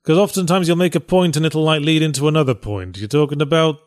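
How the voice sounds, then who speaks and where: A man's voice: fairly high pitch, fast talker. A man, hosting a casual chat about reviewing games in a dry, wry, matter-of-fact way. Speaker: podcast host and game reviewer.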